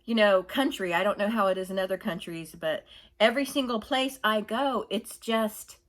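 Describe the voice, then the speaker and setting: A woman's voice: medium pitch, moderate pace, fairly bright tone. A woman ranting in a casual opinion monologue, rambling and exasperated, mocking others with whiny put-on voices. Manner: rambling, exasperated, laughs while telling stories. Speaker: vlogger.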